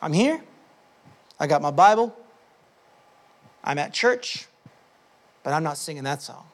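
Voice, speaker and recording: A male pastor with a notably high-pitched voice preaches in a loose, conversational way. He drops to soft, confiding asides, then climbs into loud, fervent bursts. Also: expressive, a little slow. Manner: impassioned, swinging between hushed asides and loud outbursts; conversational, with fillers and restarts. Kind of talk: sermon.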